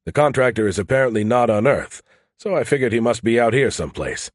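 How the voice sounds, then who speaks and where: A man's voice: mid-range voice, expressive, quick pace, no room sound, close to an everyday voice. A man voicing a wry, grumbling man with sour, dry humor in an audiobook.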